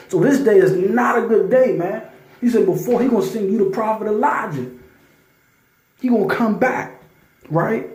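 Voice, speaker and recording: Excitable man telling a testimony, roomy echo. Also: high voice, normal speed, long pauses. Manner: animated, stammering restarts, bursts into loud scripture reading. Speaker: testimony storyteller. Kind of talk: casual spoken testimony with scripture reading.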